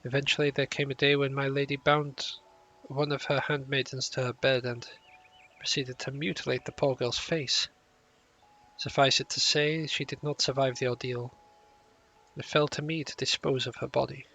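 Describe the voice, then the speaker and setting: A man's voice: mid-range voice, level tone, normal speed, sharp tone. A man reading game quest lines aloud as a grieving, solemn servant who speaks in old-fashioned phrases. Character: grieving, solemn servant confessing a dark secret.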